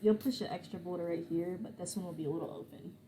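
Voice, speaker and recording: A woman's voice: lowish voice, steady tone, fast talker, crowd noise. A woman, running a tabletop game as game master in a casual, filler-heavy way.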